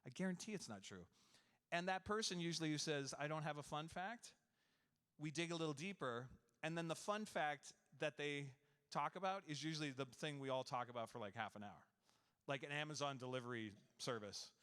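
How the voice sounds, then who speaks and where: A man's voice: fairly high pitch, fairly quick, fairly bright tone, smooth. A man talking at a convention panel, chatty and joking with the crowd. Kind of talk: live panel chat. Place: convention hall panel room.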